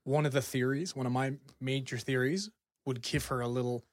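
Excitable man telling spooky history. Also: medium pitch, a little fast, dry recording, studio quality. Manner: excitable storyteller, swears casually. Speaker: podcast host presenting research. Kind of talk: casual podcast chat.

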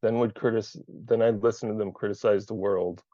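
Man in a support group, low voice, candid and profane, sharing over a dull dry video call line. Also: fairly even intonation, moderate pace, warm tone, dry recording. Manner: candid, swears freely, searching aloud.

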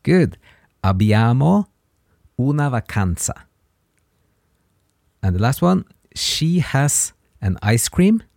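Male podcast teacher, patient and slow with examples, animated pitch, dry sound. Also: gravelly, no echo. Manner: patient, repeats words slowly for learners. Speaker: language teacher, podcast host. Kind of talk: casual podcast lesson.

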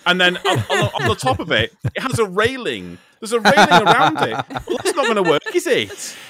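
Animated podcast host, bright and lively. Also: male voice, sits high, brisk. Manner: animated, laughing, with many restarts. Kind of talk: casual podcast chat.

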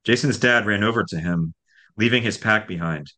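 A man with a very deep voice reads aloud from his own novel at a steady, measured pace. The delivery is calm and even, like an author presenting his work to listeners. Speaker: author and guest.

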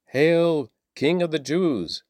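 A man reading aloud and shouting the lines of an angry crowd of priests and leaders, raised and loud. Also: fairly high pitch, slow, no echo, pitched above the performer's own voice.

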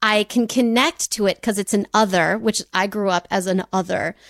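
A woman co-hosting a podcast, telling a story in a chatty, animated way with jokey asides and frequent laughs. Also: mid-range voice, moderate pace, creaky, dry recording, studio quality. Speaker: podcast co-host. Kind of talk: casual storytelling chat.

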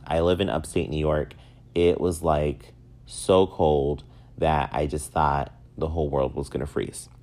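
A man in his thirties hosting a casual solo podcast, telling stories in an animated, self-mocking way. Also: a bass voice. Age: 30s. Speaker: podcast host.

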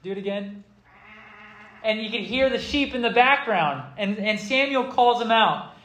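A high-voiced male pastor delivering a lively, theatrical sermon, laughing as he retells scripture. His voice rings in an echoey room. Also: normal speed.

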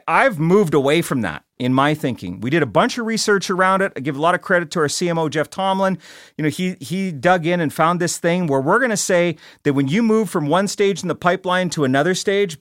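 A man's voice: on the high side, a bit bright, no echo. A middle-aged man hosting a podcast in a studio, talking bluntly and casually, often restarting and repeating words. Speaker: podcast host. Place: recording studio.

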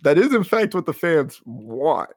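A man's voice: a little high, big pitch swings, a little slow, no echo, studio quality. A man co-hosting a podcast, chatting casually and joking with a rambling, laughing manner. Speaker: podcast co-host. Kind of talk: casual chat.

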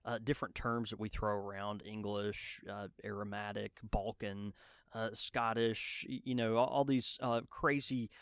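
A man's voice: lowish voice, fairly even intonation, moderate pace, smooth, no room sound, clean studio sound. A man co-hosting a podcast in casual chat. He is enthusiastic and full of fillers and restarts. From Southern United States. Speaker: podcast co-host.

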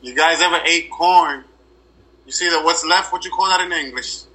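A man's voice: on the high side, moderate pace, pushed and bright. A man guesting on a podcast, talking casually with many ums and casual swearing, over a laptop microphone. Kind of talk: casual chat. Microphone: laptop mic.

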